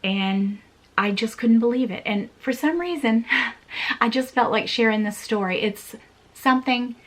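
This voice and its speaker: A woman's voice: on the high side, a little slow. A woman in her forties, a vlogger telling a personal story in an earnest, repetitive way with small laughs.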